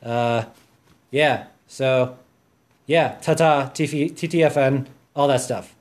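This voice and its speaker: A man's voice: mid-range voice, drawn-out words. A man hosting his own podcast, chatting alone in a hyper, goofy, rambling way. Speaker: podcast host. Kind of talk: casual solo podcast chat.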